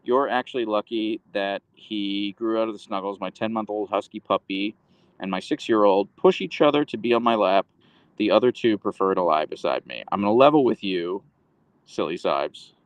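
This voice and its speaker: In a fairly low voice at normal speed, a man coos at his dog in baby talk and reads out viewer comments during a casual livestream. He holds the phone camera himself, and there's no room sound.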